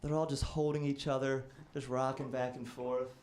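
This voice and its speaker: A man's voice: mid-range voice, flat delivery, moderate pace, darkish tone. A man in his twenties doing a stand-up comedy set, telling rambling, self-deprecating stories. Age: 20s.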